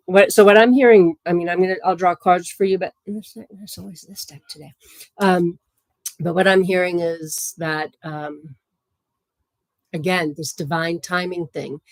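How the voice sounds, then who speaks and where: A woman giving psychic readings on a livestream in a gentle, chatty way, with many fillers and soft laughs. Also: lowish voice, steady tone, measured pace, no room sound.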